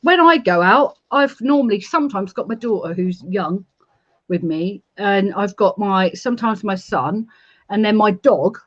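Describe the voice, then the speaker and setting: A woman's voice: medium pitch, animated, a little slow. A woman chatting bluntly and animatedly in a casual live chat, laughing often. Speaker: urban explorer, live chat co-host. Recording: muffled lo-fi audio.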